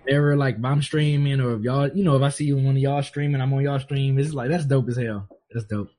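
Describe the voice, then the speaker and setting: A man hosting a live stream, chatting casually, laughing often, repeating phrases and shouting out viewers. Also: mid-range voice, fairly even intonation, fairly quick. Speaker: stream host.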